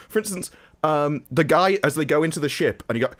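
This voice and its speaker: A man's voice: a little high, expressive, brisk. A man in casual podcast chat, animatedly acting out scenes in mocking voices. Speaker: podcast guest.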